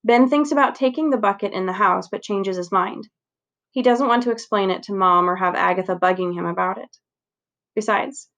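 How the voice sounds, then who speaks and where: A woman steadily reading a children's novel aloud, narrating clearly. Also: mid-range voice, fairly bright tone. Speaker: reader.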